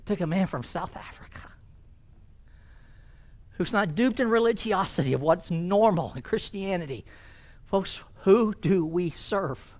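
High-voiced preacher. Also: male voice, lively intonation, normal speed. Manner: swings from loud emphatic preaching to hushed near-whispers. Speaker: pastor. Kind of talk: sermon.

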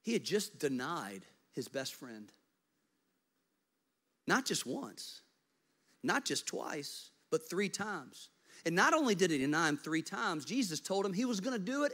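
A male pastor preaches a sermon with a bright, forceful voice pitched somewhat high. He tells the story with animation and sinks into soft, close tones to make a point. His delivery is lively and expressive. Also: measured pace.

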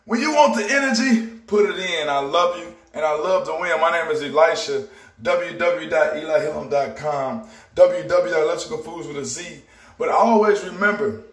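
A man gives an upbeat, preachy motivational vlog, often saying things twice. His voice sits high for a man. He is recorded in a roomy, echoing home kitchen. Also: moderate pace. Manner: upbeat, preachy, repeats phrases. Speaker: vlogger and healthy-lifestyle promoter. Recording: roomy, echoey room.

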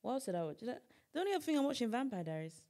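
A woman's voice: on the high side, very animated, racing, mellow. A young woman co-hosting a podcast in casual chat, blunt and slangy, with plenty of enthusiasm. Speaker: podcast co-host.

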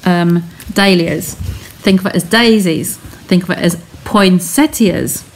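A woman's voice: fairly low pitch, slow, a little hiss or hum. Chatty woman demonstrating crafts. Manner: chatty, reassuring, talks through each step. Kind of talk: live-stream craft tutorial. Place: home craft studio.

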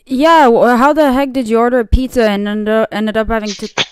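A woman's voice: on the high side, steady tone, fairly quick, clean tone, no echo, studio quality. A woman from Quebec whose first language is French, chatting casually and lightly teasing on a podcast. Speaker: podcast guest. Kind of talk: casual chat.

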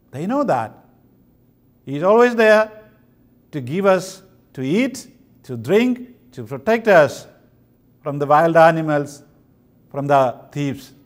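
Slow-preaching man with a lively voice. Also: on the high side. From India. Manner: slow, emphatic preaching with pauses. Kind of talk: sermon. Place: convention hall.

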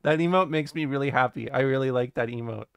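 A man's voice: mid-range voice, fast talker, vocal fry, a bit bright, clean tone, no echo. A young adult man streaming casually, reading his chat aloud and answering it in a rambling, jokey way, often swearing and laughing.

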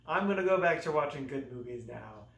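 A man's voice: on the high side, expressive, a little fast, gravelly, a bit bright. A young man casually reviewing movies in a self-mocking, exaggerated way, with sudden dramatic swings in his voice. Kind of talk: casual comedic review monologue. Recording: echoey room, voice a bit off-mic.

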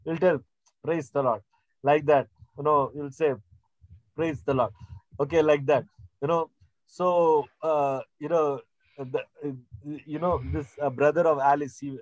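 A man's voice: fairly high pitch, no echo, low-quality recording. A middle-aged man preaching a sermon, rambling with many fillers and restarts. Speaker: pastor. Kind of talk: sermon teaching.

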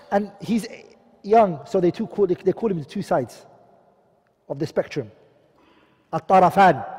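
In a recording with long hall reverb, a teacher lectures his class in a high, darkish voice with a breathy edge. He asks the students questions, supplies the answers himself, and says each key term more than once.

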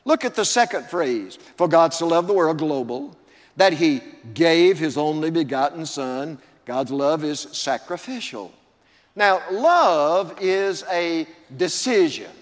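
Slow and expressive, with a voice on the high side, an older pastor builds emphasis through his sermon by drawing out key words. The church sanctuary lends it a long reverb.

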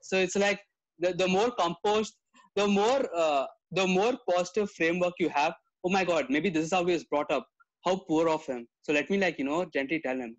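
A man's voice: high voice, normal speed, dull audio. A man hosting an interview, who laughs easily and muses aloud in a reflective, casual way.

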